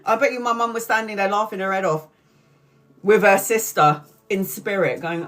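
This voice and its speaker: A woman's voice: mid-range voice, fairly even intonation, normal speed, a bit bright. Middle-aged woman streamer: loose, profane, laughing storyteller. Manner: swears constantly and laughs through the story. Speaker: tarot reader streamer. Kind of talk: casual live-stream storytelling.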